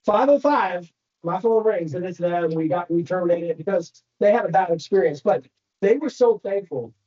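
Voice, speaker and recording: High, mellow man giving a lively training talk. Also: moderate pace, muffled recording. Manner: animated storytelling, addresses the crowd directly. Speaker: real estate speaker. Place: training center room.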